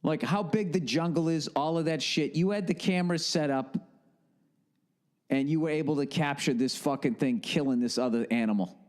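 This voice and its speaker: Middle-aged guy ranting on his podcast, cussing a lot, kinda high voice. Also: moderate pace. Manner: animated ranting, heavy swearing, acted-out asides. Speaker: podcast host. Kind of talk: comedic podcast monologue.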